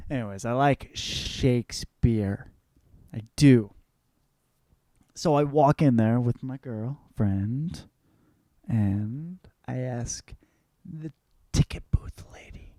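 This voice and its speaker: A man's voice: medium pitch, slow, mellow, no room sound. A young man hosting a show, telling a rambling, profane story in a casual comedic monologue. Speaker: host.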